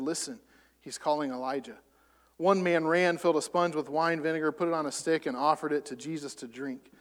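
A man preaching a sermon, rising to loud emphatic peaks and falling back soft. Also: a little high, big-room sound. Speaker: pastor.

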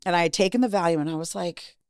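A middle-aged woman speaks as a guest, her voice sitting a little low. She tells her story frankly, with casual swearing, and acts out the lines of others. The sound is dry and close. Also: rapid-fire, a little mellow, no room sound. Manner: frank and profane, acting out quoted dialogue. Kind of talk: candid personal storytelling.

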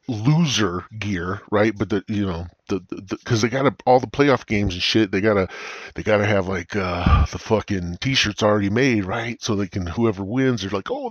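A man's voice: lowish voice, breathy edge, dry recording. A man hosting a comedy podcast, rambling through profane, crude stories into a cheap gaming headset. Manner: profane, meandering, crude storytelling. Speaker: podcast host.

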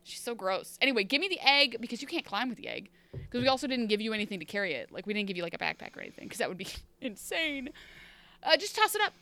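A woman's voice: fairly high pitch, sing-song, fast, sharp tone. A woman co-hosting a podcast and recapping a TV episode in casual chat. She rambles, interrupts herself, and sounds wry and emotional.

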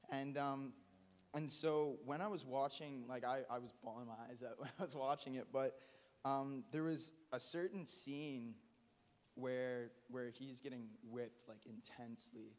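A man giving a halting, earnest testimony at a church gathering, with many restarts. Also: medium pitch, steady tone. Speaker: church member sharing testimony. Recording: long hall reverb.

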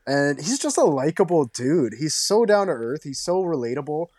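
A man's voice: fairly high pitch, big pitch swings, darkish tone, dry recording, clean studio sound. A man co-hosting a sports podcast, giving enthusiastic analysis in casual chat. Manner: enthusiastic, fast-flowing analysis. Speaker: podcast co-host.

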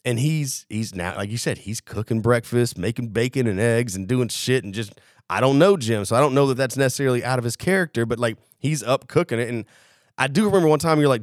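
A man's voice: medium pitch, a little fast, dry recording. Profane storytelling man, dry close sound. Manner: animated, profane, acts out quotes. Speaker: podcast co-host. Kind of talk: casual storytelling chat.

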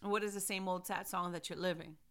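A middle-aged woman, a mother and ministry leader, preaching fervently and shouting praise. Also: fairly low pitch, fairly even intonation, fast talker. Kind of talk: sermon.

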